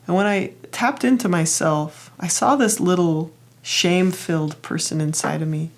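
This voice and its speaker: A woman hosting a self-help lesson, telling a personal example in a gentle, encouraging way. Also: fairly low pitch, moderate pace. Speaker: therapist host.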